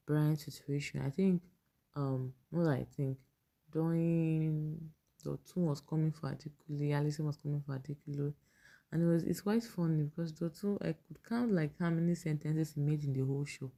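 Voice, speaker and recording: A woman's voice: low-pitched, vocal fry, warm tone. A young Nigerian woman vlogger giving casual commentary on a reality show and reading fan posts, chatty, laughing often and slipping into pidgin.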